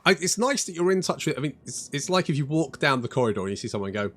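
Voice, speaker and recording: A man's voice: on the high side, sing-song, fast, fairly bright tone, a little hiss or hum. A man giving casual, wry commentary over a strategy game, swearing freely and chatting to his units. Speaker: gaming channel host.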